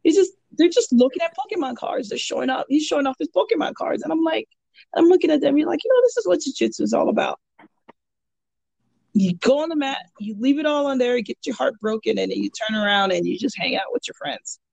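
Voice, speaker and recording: A purple belt who coaches kids in jiu-jitsu tells animated, rambling stories on a podcast, talking fast and restarting sentences amid lots of "you know." Her voice is higher, gravelly and heavy with fry, in close, dry sound with no room sound.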